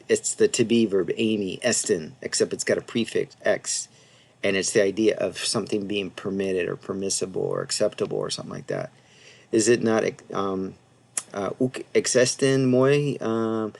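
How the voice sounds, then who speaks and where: A man giving a casual Bible lesson, talking through a passage with frequent fillers and asides and sounding out Greek words slowly. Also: fairly low pitch, creaky, darkish tone. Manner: conversational, many fillers and asides, reads Greek haltingly. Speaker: Bible teacher. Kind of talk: casual teaching presentation.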